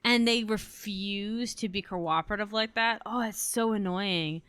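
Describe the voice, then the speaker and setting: A chatty young woman in her twenties rambles through stories as she hosts a gaming video. Her voice sits at an ordinary middle pitch. It is recorded dry, with no room echo. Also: a little slow, a bit bright, clear, resonant tone. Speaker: gaming channel host. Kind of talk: casual chat over gameplay.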